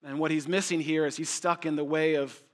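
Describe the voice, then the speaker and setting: A man's voice: fairly high pitch, fairly even intonation, a little fast. A man preaching a sermon as pastor, emphatic and conversational, repeating phrases for effect and joking with his listeners.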